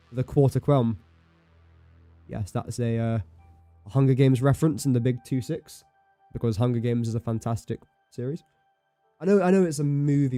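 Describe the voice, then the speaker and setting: This streamer's voice is medium-pitched and warm, with no echo on the recording. He's a young man chatting loosely over his gameplay livestream, wandering off track and correcting himself mid-thought.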